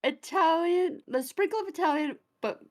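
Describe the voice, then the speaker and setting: A woman chatting casually and with amusement while playing through a game with friends. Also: very high voice. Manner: amused, unhurried.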